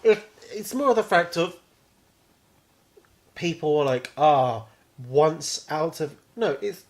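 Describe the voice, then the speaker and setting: A young man, his voice sitting a little high, trades jokes on a podcast. He riffs quickly on absurd theories and asides in a loose, chatty way. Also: lively intonation. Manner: joking, quick to riff on wild theories. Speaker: podcast co-host. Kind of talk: casual chat.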